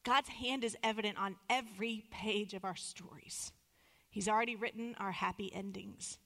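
A woman in her thirties delivers a sermon with earnest, measured phrasing, slowing on the words she wants to land. Her voice sits at an ordinary middle pitch. The recording carries a long reverb, as if in a large sanctuary. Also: steady tone, a bit bright. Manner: earnest, measured, slows for emphasis. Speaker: preacher.

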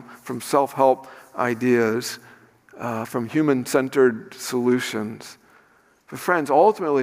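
A man preaches with a slightly high voice, speaking to the congregation in a conversational way with pointed rhetorical questions and dry sarcasm. His words ring out with a long reverb, as if in a big hall. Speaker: pastor. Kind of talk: sermon.

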